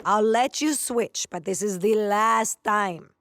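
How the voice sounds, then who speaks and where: A woman's voice: mid-range voice, takes it slowly, noisy background. A woman voicing a weary, grudging school official in a cartoon.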